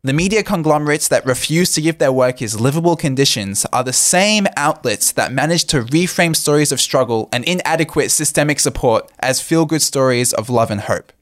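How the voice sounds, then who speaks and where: A young man giving earnest political commentary in a casual chat, often pausing with "uh". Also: fairly high pitch, animated, fairly bright tone, no echo, clean studio sound. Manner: earnest, with frequent "uh" fillers. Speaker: co-host.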